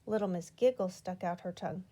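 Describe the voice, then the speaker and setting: Expressive woman reading a children's story. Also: on the low side, a little fast. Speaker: children's book reader. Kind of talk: storybook read-aloud.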